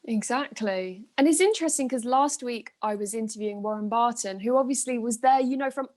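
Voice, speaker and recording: A young woman interviews a veteran football journalist in a fairly high voice. She listens closely, reacts with short interjections and then sets up her next question at length. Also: a little fast, darkish tone.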